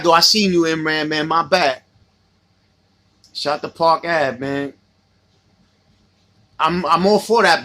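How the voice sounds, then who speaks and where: A man's voice: fairly high pitch, bright, forceful tone. A middle-aged man with a New York accent, chatting casually on a livestream, reminiscing about old friends and answering viewer comments.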